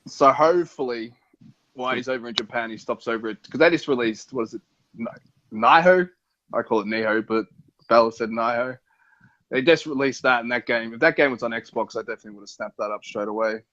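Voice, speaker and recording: An Australian man chats eagerly on a gaming podcast, sounding like a keen fan. His voice is mid-pitched. The audio is slightly dull and lo-fi. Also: fast, fairly bright tone. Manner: chatty, enthusiastic fan. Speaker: podcast co-host. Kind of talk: casual gaming chat.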